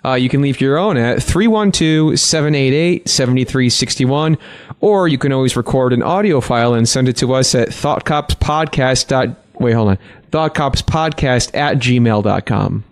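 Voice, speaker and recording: Animated male podcast host, sarcastic, reads plugs and voicemail info. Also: medium pitch, moderate pace. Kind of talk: casual podcast banter.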